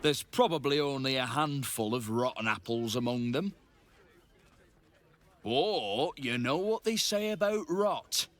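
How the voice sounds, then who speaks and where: An actor playing a paranoid townsman in a fantasy video game, with a gruff, theatrical manner. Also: medium pitch, animated, measured pace, lightly acted. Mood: suspicious. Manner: gruff, theatrical regional lilt. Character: paranoid older male townsman, suspicious.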